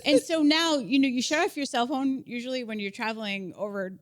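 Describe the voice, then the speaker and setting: A woman in her thirties tells a story on a casual podcast, animated and quick to laugh. Her voice sits a little high. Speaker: podcast co-host. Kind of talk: casual chat.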